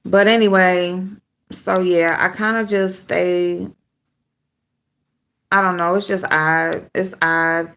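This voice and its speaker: A woman's voice: fairly low pitch, steady tone, slow, long pauses, a bit bright. A woman vlogger chatting casually and loosely with her viewers, rambling and laughing often. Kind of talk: casual live chat with viewers.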